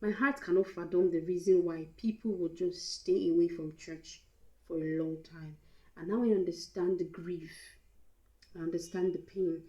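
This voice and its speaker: Mellow-voiced Nigerian woman, candid storytime. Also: on the low side, steady tone, normal speed, reverberant, highs cut off. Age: young adult. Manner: candid and emotional, mixing in pidgin. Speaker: vlogger. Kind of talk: storytime vlog.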